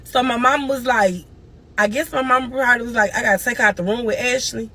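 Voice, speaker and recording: A woman's voice: a little high, brisk, bright, forceful tone, husky. A grieving woman streaming live, telling a long emotional story and crying at times. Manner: tearful, cries and moans through the story.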